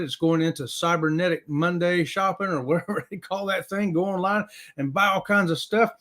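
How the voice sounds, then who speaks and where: A man's voice: high voice, fairly bright tone. Upbeat man hosting a livestream. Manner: upbeat, hypes up viewers, says y'all. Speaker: livestream host. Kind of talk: casual livestream chat.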